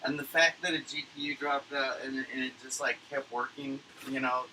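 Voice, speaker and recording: A man talks from his computer at home in a loose, wandering monologue, full of fillers and casual swearing. His voice is very bright at a middling pitch. A faint background hiss sits under it. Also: level tone, moderate pace, poor audio. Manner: rambling, profane, filler-heavy. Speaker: livestreamer recapping a conference.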